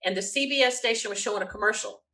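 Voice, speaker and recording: A woman, a guest telling an animated story with quick bursts and frequent laughter. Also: mid-range voice, low-quality recording. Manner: lively, quick storyteller who laughs often. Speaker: interview guest.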